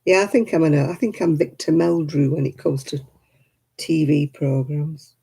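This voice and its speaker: A woman's voice: low-pitched, steady tone, moderate pace, vocal fry, warm tone, a little hiss or hum, poor audio. A woman hosting a crafting livestream, chatting casually with viewers and grumbling about television. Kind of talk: casual chat with viewers while crocheting.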